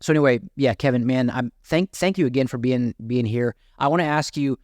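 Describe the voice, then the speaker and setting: Male podcast host, eager and rambling, mid-pitched, dry close mic. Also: fairly quick, a little mellow, dry recording. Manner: enthusiastic, rambling with many restarts. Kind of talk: podcast interview hosting.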